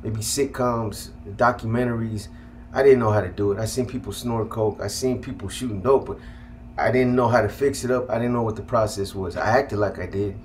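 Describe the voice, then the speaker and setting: A man telling a personal story in casual, profane speech, halting and restarting often. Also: fairly low pitch, fairly even intonation, a little hiss or hum. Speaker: guest telling his life story.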